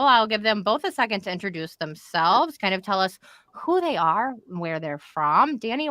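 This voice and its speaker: Bright-voiced chatty woman host. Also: a little high, no echo. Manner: chatty, addresses viewers as y'all. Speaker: host of a live show. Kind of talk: upbeat live stream hosting. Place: home in Florida.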